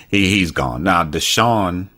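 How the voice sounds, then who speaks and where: Deep deep voiced guy rambling about football, lots of "you know". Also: sharp tone. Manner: rambling, many fillers and restarts. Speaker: podcast co-host. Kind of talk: casual sports chat.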